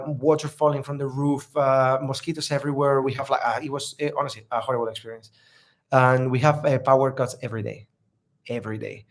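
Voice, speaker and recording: Man, travel vlogger, casual live Q&A, rambling, filler-heavy, upbeat and friendly. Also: mid-range voice. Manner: friendly, upbeat, laughs easily.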